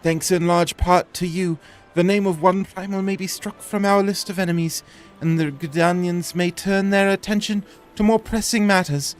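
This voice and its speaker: A poised young woman leader speaks in formal, stately tones, voiced by a man. Her voice sits high and carries a measured courtesy. Soft game music plays beneath. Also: fairly even intonation, natural voice. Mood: gracious. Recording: faint game music behind.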